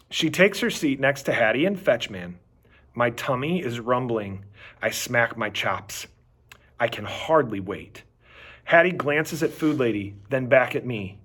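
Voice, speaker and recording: A man reading a children's chapter book aloud with animated, expressive storytelling. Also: mid-range voice, unhurried. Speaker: reader.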